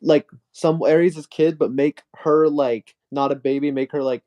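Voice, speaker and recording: A man's voice: fairly high pitch, steady tone, measured pace, mellow, muffled recording. A young man, a friend joining a casual livestream chat, laid-back and teasing, often laughing. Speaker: guest friend.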